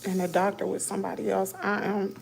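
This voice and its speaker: Anxious Southern woman with a gravelly voice. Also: mid-range voice, flat delivery, fast, low-quality recording. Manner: anxious, talks to viewers as y'all, drops to whispers. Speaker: vlogger livestreaming from a dentist's office. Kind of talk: casual live chat to viewers. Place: dentist's exam room. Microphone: phone held close.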